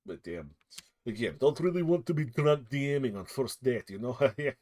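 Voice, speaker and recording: A man's voice: mid-range voice, moderate pace. A man acting as game master, chatting casually and joking at his own expense. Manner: relaxed, swearing, self-mocking. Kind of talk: casual streaming chat between game turns.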